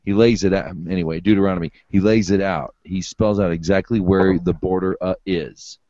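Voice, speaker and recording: A man's voice: low voice, fairly even intonation, fairly quick, warm tone, no room sound. A man hosting a casual group video call, emphatic and repeating himself. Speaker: host. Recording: dull lo-fi video call audio.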